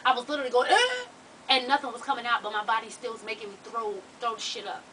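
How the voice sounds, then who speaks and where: A woman with a drawl tells her viewers a story in an animated, profane way. Her voice is highish and bright. She sits a bit back from the mic, with faint room noise behind her. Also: rapid-fire, far from the mic, rough recording. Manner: profane, animated, laughs while telling. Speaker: vlogger.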